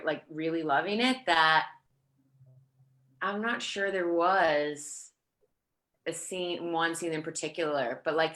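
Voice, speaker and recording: This woman in her thirties is an actor guesting in a casual interview, where she rambles with plenty of fillers and restarts. Her voice sits low and sounds a bit bright.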